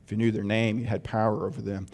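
A man preaching a sermon, swinging from loud emphasis to hushed intensity and asking rhetorical questions. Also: fairly low pitch, level tone, fast talker. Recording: long hall reverb.

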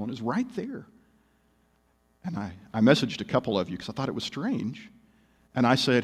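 A man's voice: mid-range voice, very animated, moderate pace, a bit bright, breathy edge, long reverb tail. A male pastor preaching a sermon, telling stories animatedly with wry humor.

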